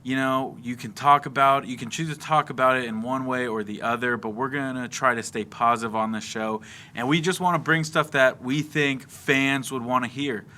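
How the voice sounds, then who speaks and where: A young man from Florida co-hosts a casual sports talk show, chattily recapping the game play by play and dwelling at length on each play. His medium-pitched voice keeps a steady tone at a moderate pace and sounds bright and forceful.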